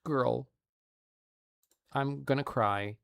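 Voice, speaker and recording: A woman's voice: extremely low pitch, drawn-out words, gravelly. A woman streamer gushing playfully over fan art in a casual showcase, laughing often.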